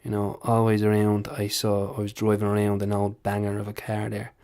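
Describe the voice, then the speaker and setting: A man's voice: lowish voice, completely flat delivery, a little fast, heavy background noise, lightly acted. A man doing an impression of a brash Dublin fighter in a comedy vlog, speaking with a swaggering Dublin accent. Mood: boastful. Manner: swaggering, self-assured, sweary. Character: brash Dublin fighter giving a motivational boast.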